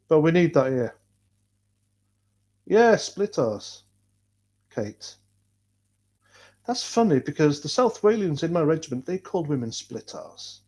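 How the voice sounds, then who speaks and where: A man's voice: on the high side, a little mellow. Blunt North Welsh man chatting live. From North Wales. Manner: blunt, swears freely, rambling. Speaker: livestream host reading chat. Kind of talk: casual livestream chat.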